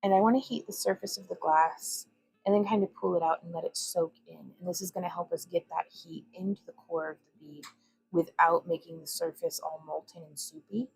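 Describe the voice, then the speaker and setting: A woman's voice: on the low side, steady tone, a little fast, creaky, darkish tone, breathy edge, faint music behind, rough recording. A young woman hosting a casual glass bead livestream from her home workbench, chatting and rambling as she greets viewers. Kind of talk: casual craft demonstration livestream.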